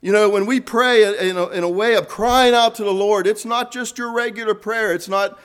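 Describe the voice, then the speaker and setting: A man preaching a sermon, earnest, rising to fervent emphasis and then dropping soft. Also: high voice, moderate pace, hardly any pauses, smooth.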